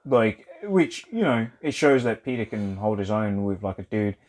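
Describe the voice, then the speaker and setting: Excitable young man chatting about films. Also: lowish voice, moderate pace. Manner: loose and excitable, heavy on "like", swears, laughs often. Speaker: podcast co-host. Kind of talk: casual film chat.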